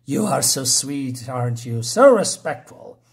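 A man voicing a sly, condescending witch demon queen in a comic recap, with honeyed flattery. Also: mid-range voice, measured pace, husky, heavily acted.

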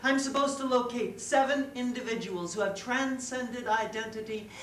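A woman's voice: on the high side, fairly even intonation, moderate pace, lightly acted. A woman performing live on stage as a flustered, giggly female goddess-in-training who chats directly with the audience. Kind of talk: live solo theater performance. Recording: echoey live room, distant mic, background noise.

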